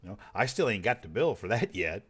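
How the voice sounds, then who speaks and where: A man's voice: fairly low pitch, sing-song, a little fast, breathy edge. A man chatting casually while streaming a game, rambling and swearing freely in a laid-back way. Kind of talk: casual chat while gaming.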